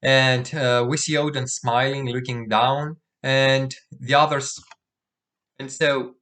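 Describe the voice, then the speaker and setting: A man casually recapping a comic chapter aloud, halting, with many fillers and restarts and the odd throat clear. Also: medium pitch, steady tone, a bit bright. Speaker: manga chapter recap host. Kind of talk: casual spoken recap with read-out dialogue.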